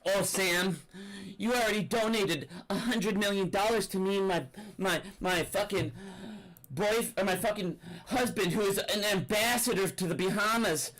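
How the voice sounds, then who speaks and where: Man's sneering impression of a smug, fawning woman politician, pitched up. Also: measured pace, fairly bright tone. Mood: mocking.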